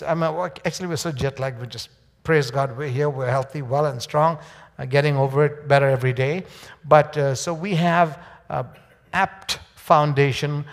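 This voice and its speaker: A man speaks as a guest preacher to a church congregation. His voice sits a little high and has a gravelly edge. He rambles, pausing on fillers and restarting his sentences, and the sound carries the long reverb of a church hall. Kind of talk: church sermon. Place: church sanctuary.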